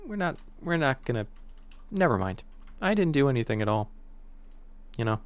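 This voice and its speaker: A man's voice: mid-range voice, sing-song, moderate pace. A male streamer chatting casually while playing, in a rambling, playful, self-mocking way. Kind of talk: casual gameplay chat.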